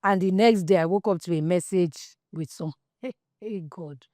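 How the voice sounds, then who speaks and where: A woman's voice: on the low side, moderate pace, dry recording, studio quality. A Nigerian woman in her forties telling a candid personal story, switching into pidgin and acting out what people said. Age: 40s. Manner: animated, slips into pidgin and plays out quoted dialogue. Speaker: podcast host.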